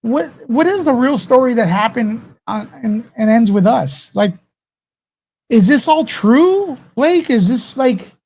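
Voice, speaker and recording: A man's voice: very high-pitched, expressive, a little slow, darkish tone. A man hosts a live commentary stream and rants to his viewers. He curses freely, trips over his own restarts, and keeps circling back to the same point. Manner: heated, profane, rambling with restarts.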